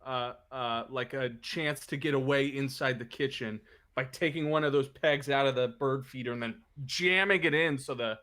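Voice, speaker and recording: A man's voice: medium pitch, normal speed, bright, forceful tone. A man playing in a tabletop game, joking around with the group. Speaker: player. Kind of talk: casual tabletop play.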